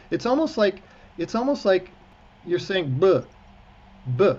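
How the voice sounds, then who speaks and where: A man's voice: sits high, big pitch swings, measured pace, long pauses, darkish tone, muffled recording. A man, a cantor, teaching a class over a video call, encouraging and chatty with joking asides. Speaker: cantor teaching prayer book reading. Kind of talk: online class instruction.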